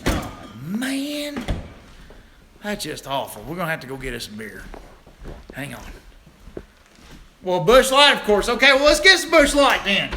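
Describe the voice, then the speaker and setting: A man hosting a livestream channel chats casually and folksily, greeting viewers by name as he walks around his yard holding his phone. His voice is fairly high with big pitch swings, at a measured pace with long pauses, and background noise is audible.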